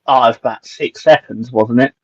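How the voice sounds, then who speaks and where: A man's voice: mid-range voice, moderate pace, dull audio. A man co-hosting a casual live stream, trading dry, joking banter.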